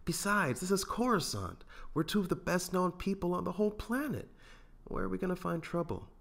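A man voicing a calm friendly jedi, gentle and good-natured, fan audiobook. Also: high voice, brisk, creaky, voice pushed up, heavily acted.

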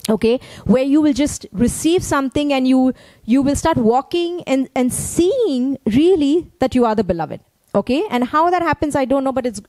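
A woman's voice: sits high, a little mellow, no echo. A woman pastor preaching a sermon in a conversational way, often checking in with her listeners. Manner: conversational preaching, frequent "okay?" check-ins.

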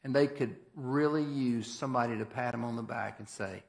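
A man's voice: medium pitch, fairly quick, vocal fry, hardly any pauses. A man preaching a sermon as pastor, in a folksy, conversational and emphatic way. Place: church sanctuary. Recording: echoey church hall.

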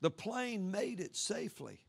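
A man preaching a sermon, swinging from loud cries down to low murmurs. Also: very animated, unhurried, vocal fry, slightly rough.

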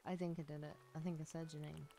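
A woman's voice: low voice, level tone, fast, creaky, mellow, a little hiss or hum. A woman streaming a game, chatting casually and gushing with thanks, often gasping and giggling. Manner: bubbly, gushing thanks, frequent gasps and giggles. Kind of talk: casual livestream chat while gaming. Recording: faint game music behind.

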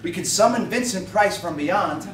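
A man voicing a bossy mad scientist who barks orders, often exasperated and shouting. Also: high voice, lively intonation, moderate pace, roomy sound, far from the mic, a little hiss or hum. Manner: exasperated, commanding, prone to shouting. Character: bossy male mad scientist in a horror hosting show.

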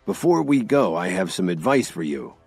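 A man voicing a serious middle-aged gang leader who speaks slowly and ominously. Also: low voice, sing-song, creaky, darkish tone, slightly rough, no echo, faint music behind, exaggerated voice. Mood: grave. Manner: slow, grave, ominous.

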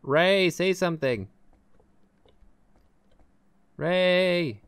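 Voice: medium pitch, slow pace, smooth, no room sound. A gamer streamer casually chatting with other players over voice chat in a teasing, giggly way, speaking into a desk microphone.

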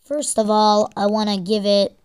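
A woman's voice: medium pitch, little pitch movement, moderate pace, darkish tone, smooth. A young woman giving gameplay commentary, exasperated and swearing at the game as she plays. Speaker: let's play gamer.

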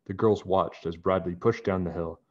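A man reading a children's book aloud in a calm, even narrating voice. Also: low-pitched, normal speed. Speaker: storybook reader. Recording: dull lo-fi recording.

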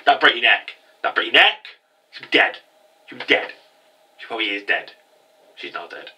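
A man recapping an anime episode in a rambling, excitable way. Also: mid-range voice, fairly quick, far from the mic, rough recording. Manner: rambling, excitable, mocking impressions of characters. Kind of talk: casual spoken recap.

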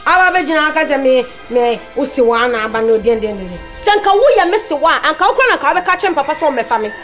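A resentful young woman who makes accusations in a high voice. Music plays clearly under the film soundtrack. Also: animated, quick pace. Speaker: actor in a film drama. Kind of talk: film drama dialogue.

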